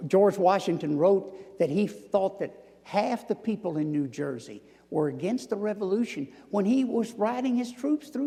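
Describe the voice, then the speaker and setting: A man in his sixties with a Southern accent, telling stories while answering an audience question at a lecture, swinging from loud emphasis down to near-whispers. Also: high-pitched. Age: 60s. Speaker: guest lecturer. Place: lecture hall. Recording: long hall reverb.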